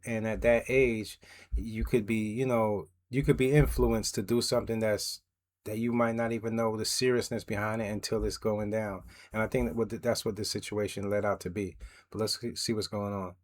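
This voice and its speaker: A man's voice: on the low side, steady tone, a little fast, darkish tone. A man giving casual reaction commentary on a story, thoughtful and slangy, breaking in with short remarks.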